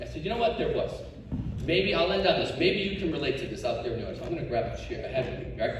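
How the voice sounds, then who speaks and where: A man's voice: on the high side, expressive, rapid-fire. A middle-aged man doing a stand-up comedy set, animatedly telling stories and acting out the dialogue. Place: comedy show stage. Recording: echoey live room from far off, noisy. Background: audience laughter.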